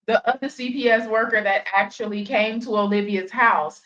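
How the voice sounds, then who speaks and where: A woman's voice: fairly high pitch, fairly even intonation, moderate pace, a bit bright, dull audio. A woman hosting reaction commentary, sarcastic and exasperated. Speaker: commentary host.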